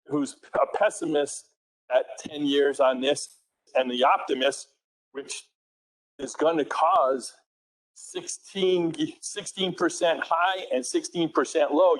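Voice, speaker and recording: A man's voice: fairly high pitch, rough recording. A man with a New England accent giving a technical conference presentation in a conversational way, correcting himself and asking the audience questions.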